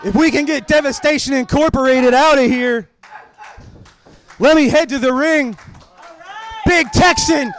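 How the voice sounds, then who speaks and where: A man calling a wrestling match play-by-play, excited and often shouting his calls. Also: extremely high pitch, unhurried, long pauses. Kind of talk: live wrestling commentary.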